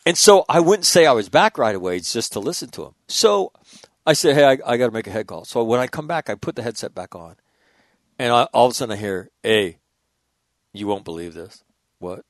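A man in his sixties, a former military officer, telling profane, animated stories in casual conversation. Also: mid-range voice, fairly quick, dry recording, studio quality. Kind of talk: casual storytelling.

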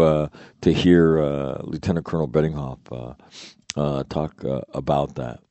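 A middle-aged man with a very low, deep voice spins a casual, profane yarn. He rambles, backtracks and fills gaps with "uh". The recording is close and completely dry. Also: darkish tone, no room sound. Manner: profane, rambling, frequent fillers and restarts. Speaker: former Marine officer. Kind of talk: casual storytelling.

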